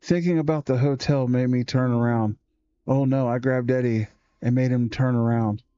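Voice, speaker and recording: A man reading a children's horror book aloud, slow and measured with small self-corrections. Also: medium pitch, steady tone, warm tone, clear, resonant tone, dry recording, highs cut off.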